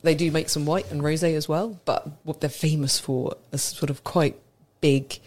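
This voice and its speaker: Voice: medium pitch, steady tone, normal speed. A co-host who explains wine knowledgeably in casual radio chat. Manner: knowledgeable, explanatory, warmly enthusiastic.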